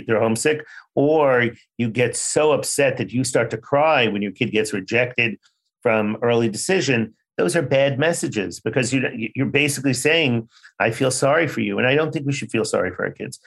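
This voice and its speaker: A man's voice: mid-range voice, normal speed. An older man, a child psychiatrist, telling stories in an interview, acting out quoted dialogue. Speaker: child psychiatrist, podcast guest. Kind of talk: conversational interview storytelling.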